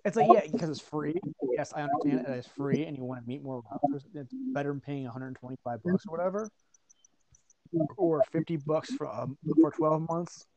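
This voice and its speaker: A man's voice: fairly high pitch, a little fast, a little mellow. A man chatting casually with friends on a podcast, blunt and profane, often trailing off mid-sentence. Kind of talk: casual chat.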